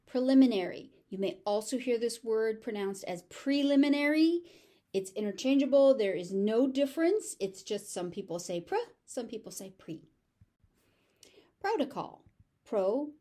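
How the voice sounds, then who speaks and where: An American woman teaching pronunciation, saying each word slowly and clearly several times and then explaining it. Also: mid-range voice, lively intonation, dark tone. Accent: General American. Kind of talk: slow, careful pronunciation lesson.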